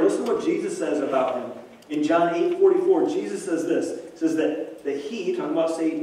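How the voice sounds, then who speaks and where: A man's voice: a little high, darkish tone. A man preaching a sermon as pastor, in a chatty way with frequent restarts and asides. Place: church sanctuary. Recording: echoey room, mic from a distance.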